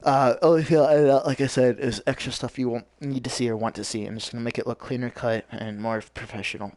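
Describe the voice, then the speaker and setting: A man's voice: mid-range voice, steady tone, fast, no echo, clean studio sound. Man ranting profanely over gameplay. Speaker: streamer. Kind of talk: live gameplay commentary.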